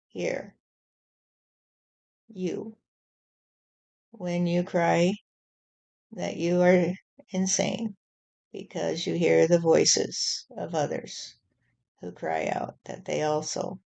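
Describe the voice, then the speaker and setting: A woman channeling God, slow and gravelly. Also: lowish voice, flat delivery, a little mellow, exaggerated voice. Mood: solemn. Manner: slow, measured, repeating "you see". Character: God, a stern male deity warning humanity. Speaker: spirit channeler. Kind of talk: channeled spirit message.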